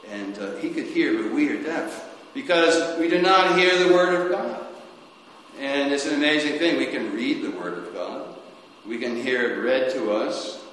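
A man preaching a sermon, speaking slowly and haltingly, rising suddenly and then dropping softly. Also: mid-range voice. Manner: slow, halting, with sudden rises and soft drops. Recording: echoey church hall, faint noise.

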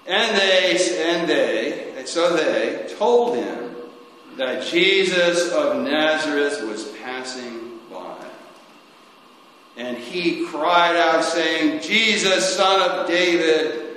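A man preaching a sermon, speaking slowly and haltingly, rising suddenly and then dropping softly. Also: on the high side, lively intonation. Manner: slow, halting, with sudden rises and soft drops. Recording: echoey church hall, faint noise.

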